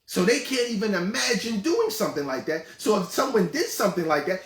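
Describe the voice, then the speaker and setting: A male show host giving casual commentary, telling stories in an animated, conversational way with lots of fillers. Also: high-pitched, fairly quick, echoey room. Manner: animated, conversational storytelling with many repeats and fillers.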